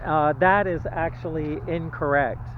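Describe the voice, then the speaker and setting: Halting man on tinny audio. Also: fairly high pitch, fairly even intonation, slight background noise. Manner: halting, repetitive, checks in with "okay?". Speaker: religious video presenter. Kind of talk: informal Bible teaching monologue.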